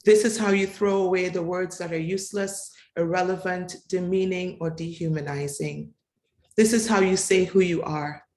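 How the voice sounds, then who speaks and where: A woman reading a poem of tribute in a slow, measured, incantatory way, building on repeated refrains. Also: on the low side, fairly even intonation, darkish tone. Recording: echoey room.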